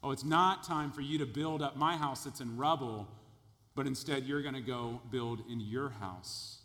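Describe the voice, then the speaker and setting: A preacher voicing a dryly sarcastic God. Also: male voice, medium pitch, normal speed, fairly bright tone, big-room sound, close to an everyday voice. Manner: dry sarcasm. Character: sarcastic God, dry and mocking.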